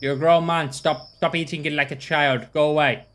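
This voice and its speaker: A man's voice: fairly high pitch, steady tone, moderate pace, a bit bright. A man hosting a gaming channel, playing a game with joking, self-mocking commentary.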